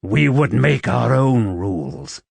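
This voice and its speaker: Casting: a brooding young nobleman, read by a male narrator, coaxing and intense, with a lively pitch. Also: slow, creaky, slightly rough, no room sound, exaggerated voice.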